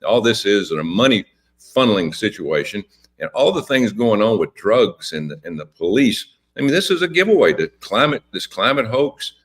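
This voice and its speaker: A man's voice: lowish voice, big pitch swings, moderate pace. A man speaking as a politician guest on a radio interview, impassioned and emphatic, often repeating words.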